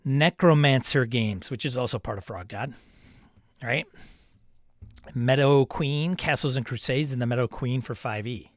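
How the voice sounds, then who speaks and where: A man's voice: mid-range voice, a little slow, no echo, studio quality. Chatty man hosting a live stream. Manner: chatty, rambling, reads chat aloud. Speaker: host. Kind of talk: casual live-stream chat.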